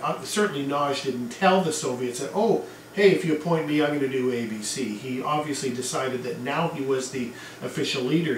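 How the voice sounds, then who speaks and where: A man's voice: on the high side, slight background noise. A man giving a casual history lecture to a class, talking in a conversational way with asides and fillers. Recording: echoey room, mic at a distance.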